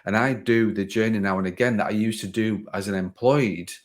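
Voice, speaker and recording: A man hosting a casual business podcast, his voice sitting fairly low. He rambles, circles back and fills his sentences with "like" as he thinks aloud. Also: fairly quick. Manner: rambling, restarts sentences, says "like" often. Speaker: podcast host. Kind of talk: casual conversation. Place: home garden office.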